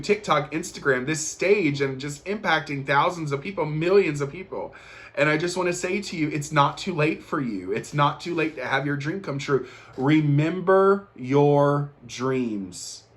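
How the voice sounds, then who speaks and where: A man's voice: a little high, a bit bright. Earnest man giving a motivational pep talk. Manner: earnest, repetitive encouragement; emotional, pausing to restart sentences. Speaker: host. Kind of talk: motivational monologue.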